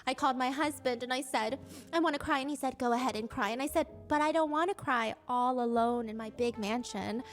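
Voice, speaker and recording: A woman's voice: sits high, quick pace, soft background music, close to an everyday voice. A woman voicing a smug young rich wife who humble-brags in a sugary, falsely modest way.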